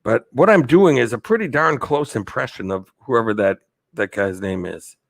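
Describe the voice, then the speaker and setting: A man's voice: medium pitch, animated, normal speed, dry recording, faint music behind. A man hosting a live stream, chatting in an upbeat way and thanking viewers. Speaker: livestream host.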